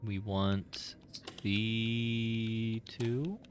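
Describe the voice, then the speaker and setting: Rambling low-voiced man streaming a game. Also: steady tone, drawn-out words. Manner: rambling, many "like" fillers and asides. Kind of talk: casual gameplay commentary.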